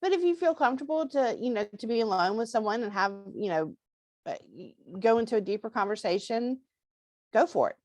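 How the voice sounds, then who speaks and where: Bubbly, animated woman guest. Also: fairly high pitch, a little fast, no room sound. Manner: bubbly, animated, encouraging, laughs often. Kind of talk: casual interview chat.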